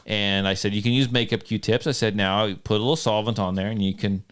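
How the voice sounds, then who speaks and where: A man's voice: lowish voice, fairly even intonation, a little fast, a bit bright, clean tone. A man hosting a casual podcast, telling a story with frequent laughter and self-mocking humor. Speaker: podcast host. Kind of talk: casual chat. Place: home studio.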